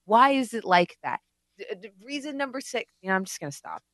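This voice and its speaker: A woman's voice: a little high, sing-song, brisk, a bit bright, no echo, clean studio sound. A woman co-hosting a podcast in casual chat, ranting profanely and exasperated. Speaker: podcast co-host.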